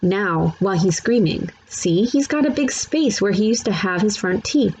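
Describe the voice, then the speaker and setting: A woman's voice: medium pitch, animated, normal speed, a little mellow, breathy edge, rough recording. A woman voicing a matter-of-fact schoolboy who explains plainly.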